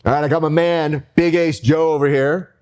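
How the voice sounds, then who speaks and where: A man who works as a speech coach, hosting and giving instructions in an animated chat. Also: a little high, normal speed, smooth.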